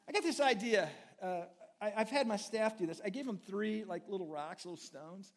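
A man preaching a sermon as pastor, animated and humorous, swinging between loud bursts and quiet asides. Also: high voice, a little fast. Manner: humorous, folksy.

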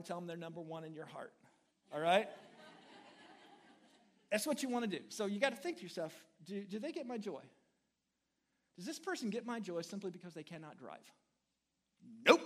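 A male pastor with a notably high voice delivers a lively sermon. He talks in a folksy, humorous way, swinging between loud, emphatic bursts and quieter asides.

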